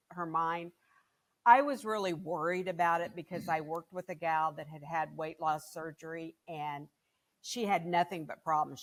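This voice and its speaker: A woman's voice: fairly low pitch, fairly bright tone. An older woman, a guest on a podcast, telling a family story in a chatty way with many fillers. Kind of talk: casual storytelling.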